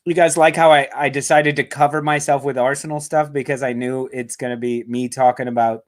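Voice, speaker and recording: A man's voice: mid-range voice, fairly even intonation, brisk. A man hosting a live fan show over a video call, rambling and joking, and he talks nonstop. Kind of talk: casual live-stream chat.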